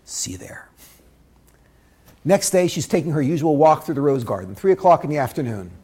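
Animated, husky-voiced male Torah teacher. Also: fairly high pitch, fast. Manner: dramatic, swings from loud to hushed. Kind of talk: animated storytelling lesson.

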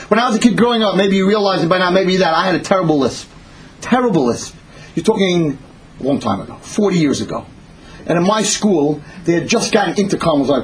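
A man in his fifties giving an animated Torah class, swinging between loud exclamations and hushed pleading. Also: sits high, a little fast, a little hiss or hum, poor audio. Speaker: Torah teacher.

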